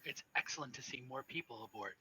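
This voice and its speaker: A man voicing a calm, gently cheerful woman devoted to a strange cult, as a game master's character in a tabletop game. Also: medium pitch, fast, breathy edge, exaggerated voice, rough recording. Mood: serene. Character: serene cult-devoted woman of no clear age.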